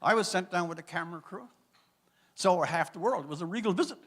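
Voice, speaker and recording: High-voiced man in echoing hall. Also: lively intonation, fast, a bit bright. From Newfoundland, Canada. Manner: wry, dramatic storytelling with rhetorical flourishes. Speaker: guest speaker. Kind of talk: after-dinner speech. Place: gala banquet hall. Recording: long reverb of a large hall.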